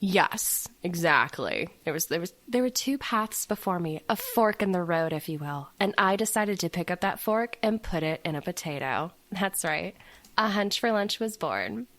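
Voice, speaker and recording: A woman's voice: lowish voice, animated, moderate pace, fairly bright tone, no room sound. A woman voicing a prim, puzzle-loving Ivy League twin who talks in a mock-earnest, self-satisfied way. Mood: smug.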